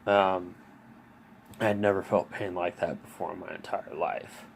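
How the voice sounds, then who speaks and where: A man in his thirties with a lowish, gravelly voice tells his own story in a loose, rambling way. He fills every pause with fillers, restarts often and swears freely. Faint room noise sits under his voice. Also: fairly even intonation. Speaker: vlogger. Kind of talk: casual personal storytelling.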